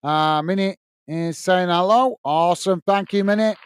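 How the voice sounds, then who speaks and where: A man's voice: sits high, normal speed, smooth. A man hosting a live football watch-along, reading out viewers' chat messages and complaining about the referee's bias. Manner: indignant ranting about the referee with chatty asides.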